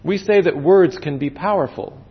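A man preaching a sermon as pastor, earnest, stretching words for emphasis and dropping suddenly to a hush. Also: fairly high pitch. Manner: earnest, with slow drawn-out emphasis and sudden drops to quiet. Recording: dull echoey hall sound.

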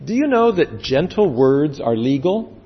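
A man preaching a sermon as pastor, earnest, stretching words for emphasis and dropping suddenly to a hush. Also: fairly high pitch, sing-song. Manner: earnest, with slow drawn-out emphasis and sudden drops to quiet. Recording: dull echoey hall sound.

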